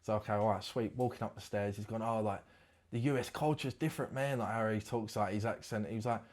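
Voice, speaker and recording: Young male guest, quick and a bit low, casual slangy storyteller. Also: darkish tone. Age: 20s. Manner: rambling storytelling with British slang. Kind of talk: casual interview chat.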